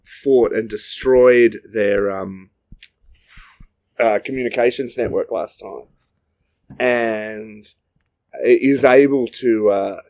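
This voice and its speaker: A man's voice: mid-range voice, a little mellow. A man co-hosting a podcast, improvising a comic story in a rambling, jokey way. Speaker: podcast co-host.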